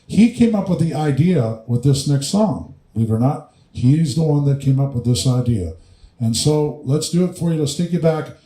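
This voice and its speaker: A man's voice: on the high side, animated, moderate pace. Chatty man hosting a music stream. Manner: rambling, dedicates songs to viewers. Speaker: tribute singer hosting a live stream. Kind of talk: casual patter between songs. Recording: echoey room with loud music. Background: guitar music.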